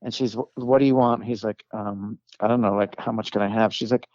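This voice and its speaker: A man's voice: fairly low pitch, steady tone, a little fast, a little mellow, no room sound, dull audio. A man, a comedic actor, telling stories as a podcast guest in casual chat, rambling with many fillers and restarts and acting out the people he quotes.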